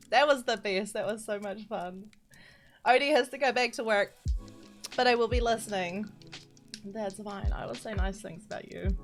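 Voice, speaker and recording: A woman's voice: on the high side, expressive, unhurried, pauses often. A young woman, chatting casually and giggling as she streams a building tutorial and reads out her chat. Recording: music playing behind.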